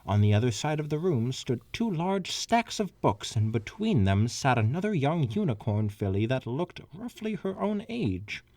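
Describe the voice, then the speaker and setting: A man's voice: medium pitch, sing-song, normal speed, hardly any pauses, a little mellow, no echo. A man co-hosting a comedy podcast, reading fanfiction aloud and stopping to add asides. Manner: reads with asides and stumbles.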